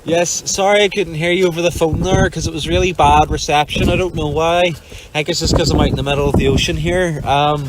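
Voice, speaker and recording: Man, breathless and gushing, on a phone voice note with clear sea noise. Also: on the high side, steady tone, fast. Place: sailing boat out on the ocean.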